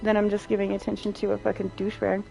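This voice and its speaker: A woman's voice: mid-range voice, monotone, fast talker, creaky, warm tone. A young adult woman streaming, chatting casually, blunt, profane and sarcastic. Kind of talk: casual chat while playing. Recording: faint game music behind.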